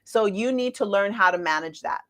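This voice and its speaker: Woman in her forties, astrology talk, chatty, playful, lively asides, mid-pitched voice. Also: a little fast. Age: 40s. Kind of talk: casual astrology talk to viewers.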